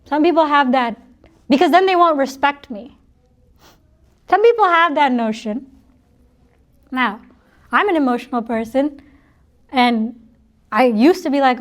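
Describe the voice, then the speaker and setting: A middle-aged woman speaks to a gathered audience in a high voice. She is chatty and playful, and she laughs easily while she teaches. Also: measured pace, long pauses. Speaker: spiritual talk speaker. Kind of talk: informal spiritual talk to an audience.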